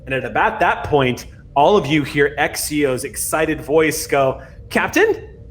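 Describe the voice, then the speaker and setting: A man narrating a tabletop role-playing game as game master, in a measured, dramatic way. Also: on the high side, slight background noise.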